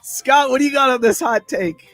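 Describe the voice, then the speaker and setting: A man's voice: very high-pitched, normal speed, fairly bright tone, dry recording, soft background music. A man co-hosting a sports podcast, teasing the others playfully over a noisy line. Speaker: podcast co-host. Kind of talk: casual sports banter.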